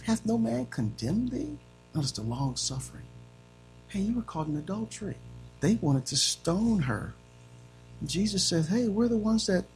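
A gravelly-voiced male preacher delivers a sermon. He climbs to shouted, high-pitched peaks, then drops to soft, hushed phrases. Faint music plays underneath. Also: poor audio. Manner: swings between shouting and soft, dramatic delivery.

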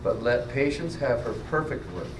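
A man's voice: medium pitch, normal speed, reverberant, background noise. Distant man reading scripture aloud.

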